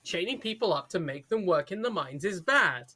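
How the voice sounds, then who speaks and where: A British woman co-hosts a podcast in casual, sardonic chat, full of swearing. Her voice is bright and sharp. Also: fairly low pitch, animated, moderate pace, breathy edge. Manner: sardonic, profane, laughs often. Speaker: podcast co-host.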